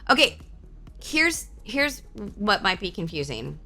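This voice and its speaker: A woman streamer in casual live-stream chat, swearing freely and answering her chat aloud with excitable reactions. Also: medium pitch, slow, soft background music.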